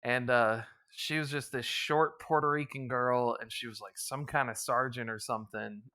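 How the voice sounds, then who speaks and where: Man, young adult, podcast host, East Coast American, crude storytelling, bright tone. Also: medium pitch, fairly even intonation, moderate pace. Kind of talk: casual podcast chat.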